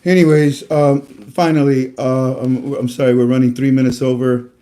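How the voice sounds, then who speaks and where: A man talks to his viewers about faith in a loose, preachy way, stumbling through uhs and restarts. His voice is mellow and relaxed, in a middle pitch. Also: moderate pace. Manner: rambling, preachy, with many fillers and restarts. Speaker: host. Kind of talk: casual religious talk to viewers.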